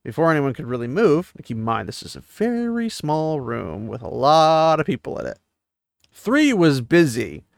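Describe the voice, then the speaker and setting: A man's voice: on the high side, very animated, normal speed, vocal fry, dry recording, studio quality. A man giving a casual recap of a fantasy novel, chatty and digressive, breaking off into asides and questions. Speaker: book discussion host.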